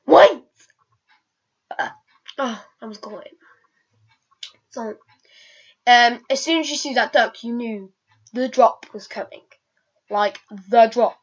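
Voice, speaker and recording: Over a dull, lo-fi recording, a woman's fairly high, slightly bright voice carries a casual vlog. She rambles and hesitates, repeatedly starting sentences over amid many ums and uhs.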